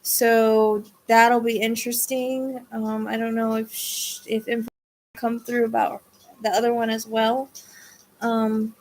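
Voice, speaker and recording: A woman's voice: a little high, level tone, measured pace, darkish tone. A woman hosting a psychic livestream, chatting with her viewers in a casual way. She sounds tired and drained, and she rambles, restarts her sentences and trails off.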